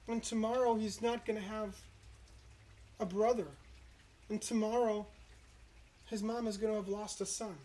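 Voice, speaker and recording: A preacher giving an earnest, reflective sermon, citing scripture and slowing down to stress key moments. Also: medium pitch, little pitch movement, warm tone. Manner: earnest, reflective, slows for emphasis.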